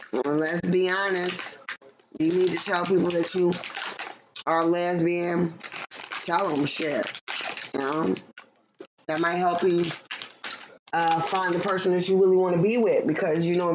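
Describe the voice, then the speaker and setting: Woman tarot reader, loose and profane, lowish voice, dull lo-fi sound with noise behind. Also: steady tone, measured pace, pauses often. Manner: loose, profane, playful, breaks into singing. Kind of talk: casual livestream tarot reading.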